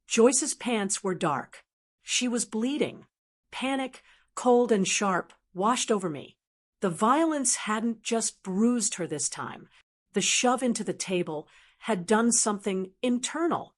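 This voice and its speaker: A woman's voice: medium pitch, animated, takes it slowly. A woman reading a first-person story aloud in a tense, dramatic narrating manner.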